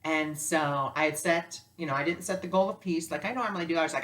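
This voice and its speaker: A woman teaching spiritual lessons through personal stories, animated and acting out dialogue. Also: deep voice, a little fast, hardly any pauses. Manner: animated, acts out dialogue with lively voices. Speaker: spiritual teacher and life coach. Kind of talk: storytelling lesson.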